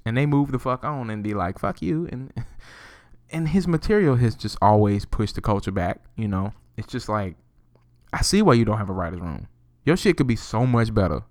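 A man hosting his own podcast, ranting solo in a profane, animated way and laughing often. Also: lowish voice, no room sound, clean studio sound. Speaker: podcast host.

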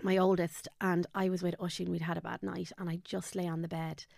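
Irish woman, 30s, podcast guest, candid storyteller; gravelly, dry close mic. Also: fairly low pitch, level tone, brisk, a little mellow, no room sound. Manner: candid, tells it with quoted dialogue. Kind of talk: emotional personal storytelling.

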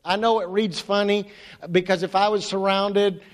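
A man preaching a sermon as pastor, impassioned, often repeating his words and swinging from low murmurs to high emphatic calls. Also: flat delivery, moderate pace. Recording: long hall reverb.

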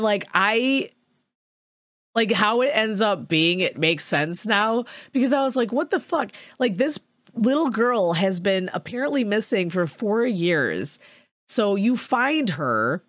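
A woman's voice: mid-range voice, no echo, clean studio sound. A young woman recapping a movie in casual chat, swearing freely and acting out the characters' lines. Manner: profane, filler-heavy storytelling with animated quoted voices.

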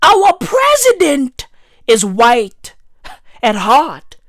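A woman, delivering a profane comic rant full of "bruv" and "right?", her voice swinging high and low. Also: wildly swooping pitch, very slow, no echo, studio quality. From South Africa.

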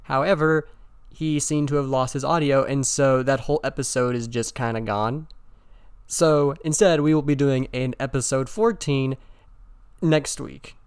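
A man's voice: mid-range voice, fairly even intonation, a little slow, smooth, dry recording, clean studio sound. A young man, a podcast co-host, giving a matter-of-fact spoken update with an apologetic tone. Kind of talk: inserted pre-recorded announcement.

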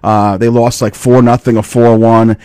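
A man's voice: mid-range voice, little pitch movement, normal speed, darkish tone, smooth, dry recording. A man, hosting a podcast and telling a rambling story in casual chat, full of fillers and swearing. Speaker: podcast host.

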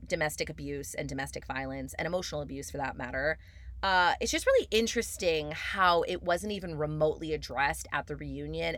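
A chatty woman hosts a casual recap podcast, talking fast and loose with plenty of "like" fillers. Her pitch swings widely and jumps high when she stresses a point. The sound is close and dry, with no room echo. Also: bright, forceful tone. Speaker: podcast host.

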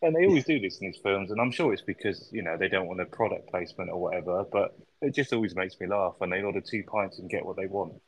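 A man's voice: low voice, quick pace, breathy edge, poor audio. A man co-hosting a podcast, chatting casually about a film, recapping scenes and swearing freely. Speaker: podcast co-host.

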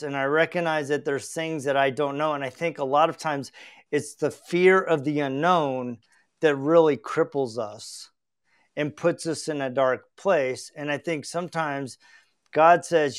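A man's voice: fairly high pitch, unhurried, clean tone. A middle-aged man hosting a podcast, telling a personal story in an earnest, reflective way with frequent restarts. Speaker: podcast host. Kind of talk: heartfelt conversational storytelling.

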